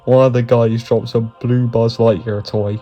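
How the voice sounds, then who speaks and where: Man, mellow dark voice, comedic narration, profane, chuckling, faint music behind. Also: mid-range voice, level tone, unhurried. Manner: profane, chuckling through lines. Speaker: YouTube narrator.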